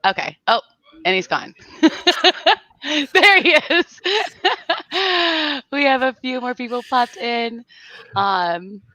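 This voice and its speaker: A woman's voice: fairly high pitch, fairly bright tone, no room sound, dull audio. A woman from South Florida hosting a casual livestream and greeting her viewers by name. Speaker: livestream host.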